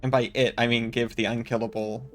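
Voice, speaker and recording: Joking streamer, faint music behind. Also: male voice, medium pitch, little pitch movement, fairly quick. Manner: joking, chatting with viewers between game lines. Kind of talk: casual gameplay commentary.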